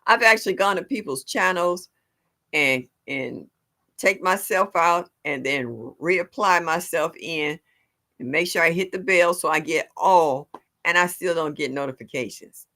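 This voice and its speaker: A woman's voice: lowish voice, measured pace, bright, forceful tone. A woman hosting a livestream, chatting casually with her viewers and laughing often. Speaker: livestream host. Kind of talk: casual chat with live viewers.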